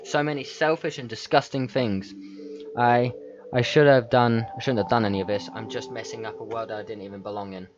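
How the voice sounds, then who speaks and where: A man's voice: medium pitch, fairly even intonation, brisk, noisy background, natural voice. Guy reading as obsessive self-aware game girl, pleading, dull muffled mic. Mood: remorseful. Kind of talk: reading game dialogue aloud.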